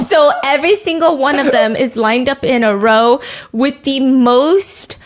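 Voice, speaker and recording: A woman podcast host with a slightly high voice, chatting casually and jokily. She recaps a show with animated delivery, acting out quoted lines as she goes. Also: takes it slowly, few pauses. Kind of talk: casual comedic recap chat.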